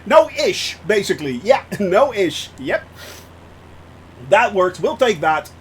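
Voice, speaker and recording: Young male streamer from the Netherlands, high voice, effusive and giggly, faint hum behind. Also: sing-song, slow pace. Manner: effusive, laughs often, repeats phrases. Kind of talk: live-stream chat while flying a sim.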